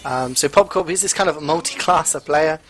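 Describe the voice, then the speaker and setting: A male esports caster talks through the match in a slightly high voice. His delivery is chatty and conversational, full of fillers and quick restarts as he explains what is happening. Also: fairly bright tone. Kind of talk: live game commentary.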